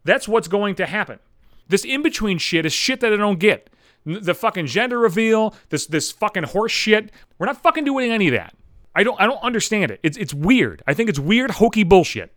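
A man's voice: high-pitched, very animated, brisk, fairly bright tone, no echo, studio quality. A young man in a profane, sarcastic comedic rant. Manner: ranting, profane, sarcastic, with mocking voices for others.

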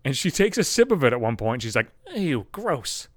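A man's voice: medium pitch, big pitch swings, fast, no room sound, studio quality. A man in his thirties telling a comic story as a profane monologue, swearing constantly and working himself up into rants. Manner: swears constantly, gets worked up and ranting.

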